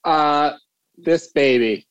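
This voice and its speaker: A man's voice: on the high side, drawn-out words, highs cut off, a crowd in the background. A man in a casual podcast chat, talking bluntly with emphatic swearing.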